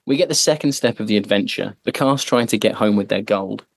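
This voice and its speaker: A man's voice: on the low side, brisk, gravelly, no echo. A man hosting a podcast, chatting casually and joking, with lots of fillers. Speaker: podcast host. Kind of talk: casual chat.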